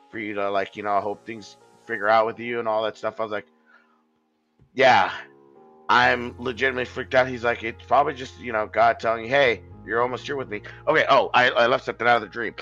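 A man's voice: medium pitch, sharp tone, lo-fi sound. A man telling a long story in a casual podcast chat, rambling, swearing and restarting his sentences.

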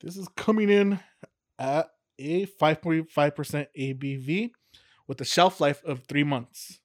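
A man's voice: a little high, a little slow, dry recording, studio quality. A man co-hosting a podcast, chatting casually about beer, loose and jokey with a lot of swearing. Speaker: podcast co-host. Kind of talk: casual beer-tasting chat.

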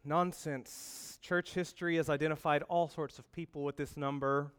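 A man preaching a lively sermon, telling a funny story with jokes and asides to the congregation. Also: on the high side, moderate pace, clean tone. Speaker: pastor.

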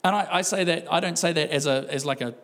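A man's voice: on the high side, fast talker, fairly bright tone. A male pastor preaching a sermon in a conversational way, with laughing asides and acted-out quotes.

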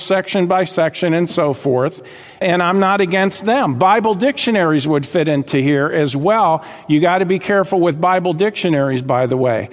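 A man's voice: high voice, big-room sound. A man preaching a sermon, speaking emphatically and often asking the congregation whether they understand. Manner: emphatic, asks the congregation questions. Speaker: pastor.

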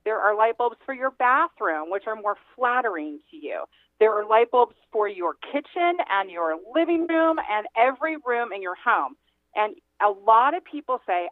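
A woman's voice: a little high, very animated, normal speed, dry recording. A woman phoning in to a radio interview as a real estate agent guest. She talks in a chatty, emphatic way and laughs often. Her voice comes over a tinny phone line with a dry sound.

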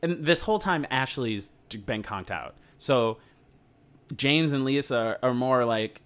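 A man's voice: medium pitch, lively intonation, a little slow, fairly bright tone, clean tone. A man co-hosting a podcast, recapping a film in casual chat with dry, joking asides. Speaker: podcast co-host.

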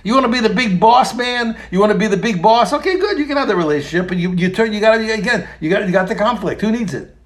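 A man teaching a religious text, talking in an animated, emphatic way and often repeating phrases and restarting. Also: high voice, fast, few pauses. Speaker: Torah teacher. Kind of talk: explaining a text in a lesson.

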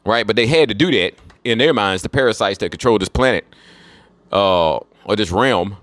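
A man's voice: fairly low pitch, lively intonation, normal speed, a bit bright, dry recording. A man in a casual, rambling monologue, profane and drawling, often trailing off into fillers. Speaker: monologue speaker.

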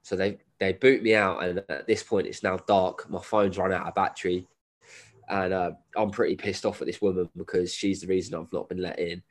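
A man's voice: low voice, fairly even intonation, normal speed. A man, telling a story as a podcast guest in a casual, laddish way with plenty of swearing and slang; he has a cold. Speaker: guest, endurance runner.

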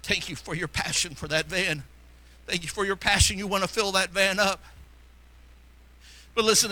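A middle-aged man preaching a sermon as pastor, fervent, shifting between loud exhortation and quiet asides. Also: sits high, steady tone, normal speed, long pauses.

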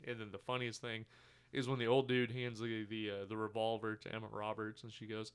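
A man's voice: lowish voice, little pitch movement, fairly quick, smooth. A man co-hosting a podcast, casually recapping a movie scene by scene, rambling with fillers and quoted lines. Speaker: podcast co-host. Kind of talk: casual movie review chat.

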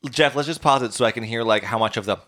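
A man's voice: mid-range voice, rapid-fire, sharp tone. A man in his late twenties co-hosting a podcast, rambling casually with lots of "like". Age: late 20s. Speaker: podcast co-host. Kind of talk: casual chat.

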